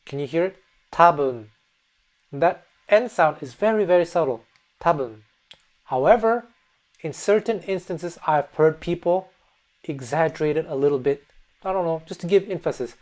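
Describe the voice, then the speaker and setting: A man whose first language is English, teaching pronunciation in a casual spoken lesson, relaxed and repeating words slowly to demonstrate. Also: a little high. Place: Fukuoka, Japan.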